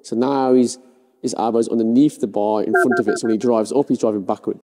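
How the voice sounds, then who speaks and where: A man's voice: medium pitch, huge pitch swings, a little fast, warm tone, big-room sound. A man coaching the overhead press, giving short firm cues as he demonstrates. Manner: instructive, cue-giving.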